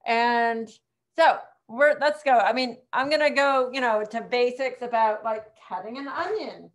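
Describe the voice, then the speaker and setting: A woman's voice: on the high side, unhurried. A middle-aged woman teaching an online cooking class in a chatty, rambling way, with frequent ums and laughs.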